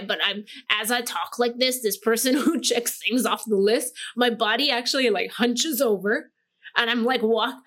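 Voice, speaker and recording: A woman hosting her own podcast from Hawaii, with a fairly high, bright-sounding voice. She gives a casual motivational talk into a microphone. Her delivery is bubbly, full of laughs and "like" fillers. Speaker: podcast host.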